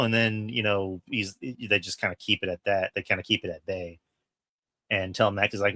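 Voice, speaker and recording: Excited, profane man, low bright voice. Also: a little fast, dry recording. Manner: excited, profane, retells scenes with quoted lines. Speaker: podcast co-host. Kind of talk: casual film review chat.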